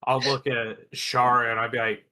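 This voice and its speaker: A man at a tabletop game asks questions and describes his character's actions in an easygoing, conversational way. His voice is mid-pitched and bright. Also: level tone, moderate pace. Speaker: player. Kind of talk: casual tabletop role-play.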